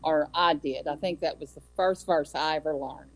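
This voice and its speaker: A woman giving an earnest devotional talk on scripture, with measured delivery and emphatic repetition. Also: deep voice, steady tone, poor audio. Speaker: Bible study speaker. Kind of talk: devotional teaching.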